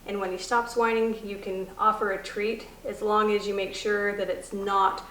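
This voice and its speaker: A woman dog trainer explaining puppy commands in a calm teaching manner, softly praising the puppy between steps. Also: medium pitch, normal speed. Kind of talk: instructional demonstration. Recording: echoey room, faint noise.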